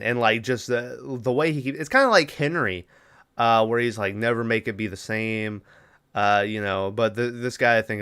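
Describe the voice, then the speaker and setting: A man's voice: medium pitch, a bit bright, smooth. A man hosting a podcast alone, retelling a horror film's plot in a loose, rambling way, with many fillers and quoted bits of dialogue. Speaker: podcast host. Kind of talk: casual solo movie recap.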